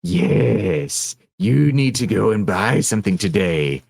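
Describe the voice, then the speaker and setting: A man's voice: fairly low pitch, very animated, slow, vocal fry, darkish tone, no echo, heavily acted. A man voicing a goofy male joker who sits on your shoulder and wheedles you into reckless trades. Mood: coaxing. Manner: wheedling, egging on bad trades.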